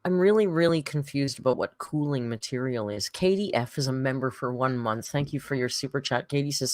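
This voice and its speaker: A woman's voice: extremely low pitch, a little fast, darkish tone, dry recording, studio quality. A woman from Canada hosting a casual reaction stream, making wry remarks, swearing now and then, and reading viewer messages aloud. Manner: wry, swearing, reads super chats aloud.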